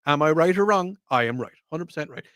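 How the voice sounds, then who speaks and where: Animated Irish radio host. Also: male voice, a little high, quick pace, dry recording. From Ireland. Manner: animated, teasing, talks straight to listeners. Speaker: radio talk show host. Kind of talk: casual call-in radio talk. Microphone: studio microphone.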